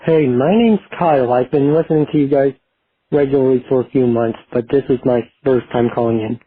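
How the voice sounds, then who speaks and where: A man's voice: medium pitch, a little fast, slightly rough, dry recording. A man calling in to a podcast with a recorded voicemail, reading out a prepared question. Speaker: caller. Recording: dry, tinny phone line.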